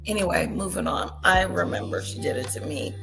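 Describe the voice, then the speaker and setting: A woman's voice: fairly low pitch, fairly quick, vocal fry, music in the background. A woman streamer giving gossipy, scornful commentary as she tells the story of a feud.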